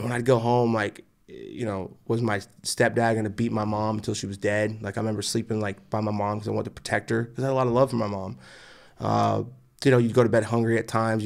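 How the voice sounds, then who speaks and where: A man's voice: lowish voice, vocal fry. A man in his forties from near Austin, Texas, telling his life story as a guest in an interview, intense and emphatic, often adding "right?". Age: 40s. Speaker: guest entrepreneur.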